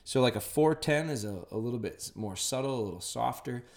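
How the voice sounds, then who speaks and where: A man's voice: mid-range voice, animated, a little fast, a little mellow. A middle-aged man hosting a podcast, explaining dog training in a rambling, plainspoken way. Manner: rambling, plainspoken, restarts often. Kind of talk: casual instructional talk.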